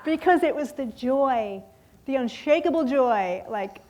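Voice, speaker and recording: A woman in her fifties telling a lively personal story in a sermon, acting out voices and laughing often. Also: high-pitched, unhurried, highs cut off. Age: 50s. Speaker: guest speaker at a church service.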